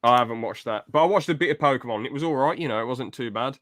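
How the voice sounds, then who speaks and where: A man's voice: mid-range voice, rapid-fire, over a noisy crowd. Man ranting casually about bad films. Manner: rambling and opinionated, swears casually. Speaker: podcast co-host. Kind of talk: casual podcast chat.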